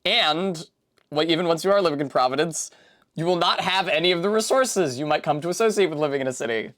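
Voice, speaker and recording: A woman's voice: deep voice, quick pace. A young woman from Rhode Island chats loosely on a live stream. She rambles from tangent to tangent, curses casually and makes fun of herself. She answers viewers' messages as they come in. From Rhode Island, USA. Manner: rambling, profane, self-deprecating; reads out and answers chat messages.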